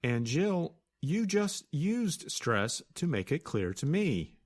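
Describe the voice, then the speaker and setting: A man co-hosting an English lesson, explaining grammar clearly and deliberately and spelling words out. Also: on the high side, very animated. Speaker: co-host and English teacher. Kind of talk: scripted teaching dialogue.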